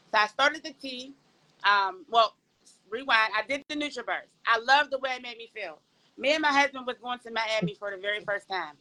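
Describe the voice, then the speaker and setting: Pittsburgh-accented woman, podcast guest, bright and animated, a bit high, over a video call. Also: low-quality recording. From Pittsburgh, Pennsylvania. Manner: animated, talks to the audience as y'all, folksy. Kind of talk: casual testimonial chat.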